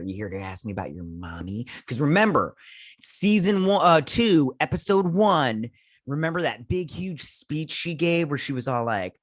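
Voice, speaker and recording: A young man with a lowish voice talks through a TV episode in a loose, offhand recap. His tone is sarcastic and mocking, breaking into laughs between retold scenes. The sound is close and dry, with no room around it. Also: no room sound. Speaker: show host reviewing a TV episode. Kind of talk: casual recap and review.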